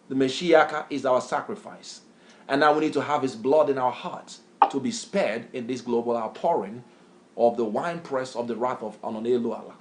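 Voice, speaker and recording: A man preaching and teaching scripture, emphatic, quizzing his reader with repeated questions in a call-and-response style. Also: mid-range voice. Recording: echoey room.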